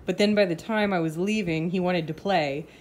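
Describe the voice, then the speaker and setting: A woman with a fairly low voice chats casually at home, rambling through everyday stories. She keeps the tone easy and conversational, with a faint hiss in the background. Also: moderate pace, a little mellow. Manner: chatty storytelling, breaking off to scold her dogs. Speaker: vlogger. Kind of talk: casual chat. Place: home with pets.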